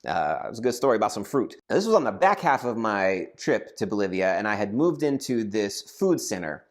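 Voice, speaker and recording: A man in his thirties telling a comic personal story on his own channel, animated and acting out voices and shouts. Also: lowish voice, brisk. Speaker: storyteller vlogger. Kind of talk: casual comedic storytelling.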